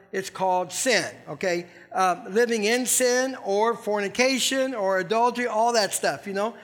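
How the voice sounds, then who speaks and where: A man's voice: extremely high pitch, fairly bright tone. A man preaching a sermon in a conversational way, often laughing and asking the congregation questions.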